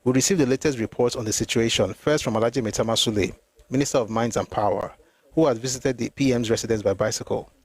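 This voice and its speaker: A man's voice: mid-range voice, husky, dry recording. A man reading from a memoir aloud for a history channel, stopping now and then to comment and reread a passage. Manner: reads steadily, pauses to comment and reread.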